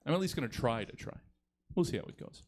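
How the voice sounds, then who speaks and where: A man hosting a live comedy show, animated and laughing often between lines. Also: medium pitch, fast. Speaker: host.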